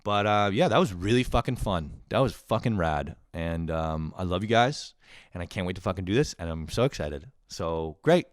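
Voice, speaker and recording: Man, casual comedic rant host, swears a lot, laughs often, wired on coffee, lowish voice. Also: normal speed, no echo, studio quality. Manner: profane, excitable, laughs often. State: buzzing on coffee.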